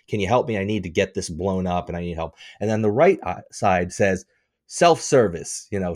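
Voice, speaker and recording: A man co-hosting a podcast, telling a story in a casual, animated way, swearing and getting worked up. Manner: animated storytelling, swearing, rising in pitch when riled. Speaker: podcast co-host. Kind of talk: casual chat.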